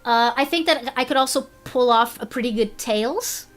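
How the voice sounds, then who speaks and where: Woman, casual stream chat, animated, restarts a lot, higher-pitched voice. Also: normal speed, faint music behind. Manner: chatty, animated, restarts often.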